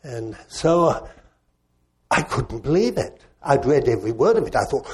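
An older man, a preacher, telling a personal story in a reflective, gently self-mocking way. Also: medium pitch, very animated, normal speed, breathy edge. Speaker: preacher and former missionary.

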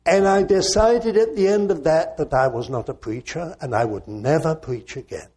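An older man, a preacher, telling a personal story in a reflective, gently self-mocking way. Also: on the high side, normal speed, slightly rough. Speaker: preacher and former missionary.

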